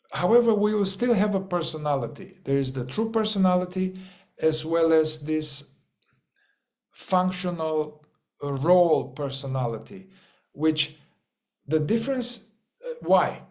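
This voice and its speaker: A man's voice: fairly high pitch, expressive, slow pace, pauses often, a little mellow. A man teaching a group in an informal spiritual talk, rambling, repeating words and swearing casually.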